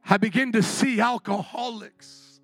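A man preaching a sermon as pastor, impassioned, swinging from quiet and tender to shouting. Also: high voice, fairly even intonation, unhurried, dry recording, faint music behind.

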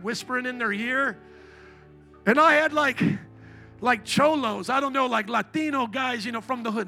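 A middle-aged man from Indiana preaching a sermon as pastor, telling jokey stories in an animated, playful way. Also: extremely high pitch, normal speed, faint music behind. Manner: animated, joking storyteller. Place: church.

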